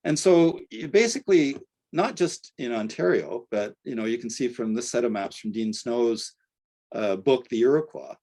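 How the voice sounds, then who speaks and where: An older man giving an academic lecture in a conversational way, often checking in with "right?" and pausing on fillers. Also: mid-range voice, lively intonation, darkish tone. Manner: conversational, tags points with "right?", frequent fillers. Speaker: archaeology lecturer.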